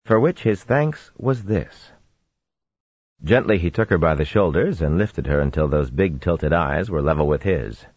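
Very deep, husky male narrator. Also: unhurried, no room sound, lo-fi sound. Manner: steady storytelling with expressive swings. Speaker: audiobook narrator. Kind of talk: fantasy audiobook narration.

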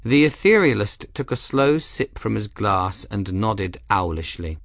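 A man narrating an audiobook in an expressive, measured way. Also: fairly low pitch, no echo, clean studio sound. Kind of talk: scripted narration.

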